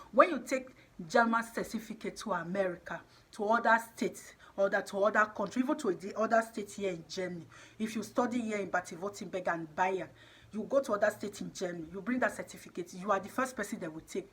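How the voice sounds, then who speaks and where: A woman's voice: mid-range voice, a bit bright, breathy edge. A woman giving an impassioned, emphatic monologue, exhorting and repeating her points. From Nigeria. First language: Edo.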